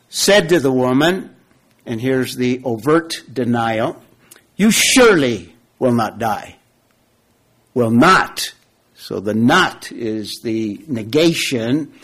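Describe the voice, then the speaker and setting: Male preacher, mid-pitched, unhurried, deliberate teaching sermon with repeated phrases. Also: a bit bright. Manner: slow, deliberate, repeats key phrases, asks the audience questions. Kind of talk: expository sermon.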